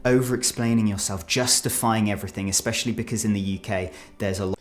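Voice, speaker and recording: A British man presenting a scripted explainer video, walking through tips in a measured way. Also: lowish voice, steady tone. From Britain.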